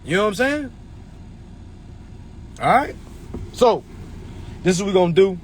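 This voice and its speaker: A man's voice: sits high, animated, measured pace, a little hiss or hum. A man in his twenties hosting a livestream, giving a blunt, profane motivational talk. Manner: blunt, preachy, swearing freely. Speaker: livestream host.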